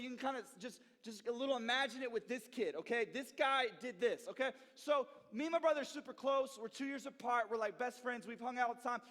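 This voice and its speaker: Very high-voiced young man in echoing hall. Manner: animated, checks in with "okay?" and "right?". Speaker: youth church intern speaker. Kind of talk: storytelling youth talk. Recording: long reverb in a hall.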